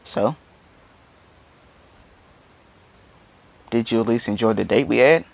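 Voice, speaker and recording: A man voicing a cocky young male dragon fighter who stays relaxed and teasing, in a casually retold fan story. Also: mid-range voice, fast, vocal fry. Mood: calm. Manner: laid-back, teasing confidence.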